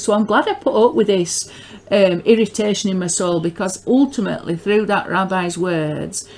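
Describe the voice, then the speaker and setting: A middle-aged woman with a northern English accent giving a rambling personal testimony, often repeating and restarting words as she grows excited. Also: medium pitch. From northern England. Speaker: religious video maker.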